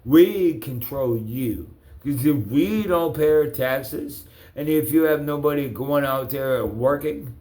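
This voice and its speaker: A man ranting at a slow, deliberate pace, cursing constantly and calling people out by name. His voice is dark and mellow, and it echoes around a hard room. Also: a little high. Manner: profane, confrontational, addresses people directly. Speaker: vlogger ranting to camera. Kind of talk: angry personal rant.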